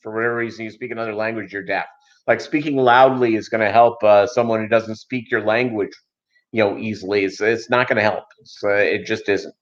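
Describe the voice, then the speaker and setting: A man's voice: fairly low pitch, fairly even intonation, brisk. A middle-aged man hosting a fish-keeping livestream, chatting and telling stories in a rambling, joking way with lots of fillers. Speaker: aquarium livestream host. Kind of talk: casual livestream chat and storytelling. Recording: slightly dull lo-fi stream audio.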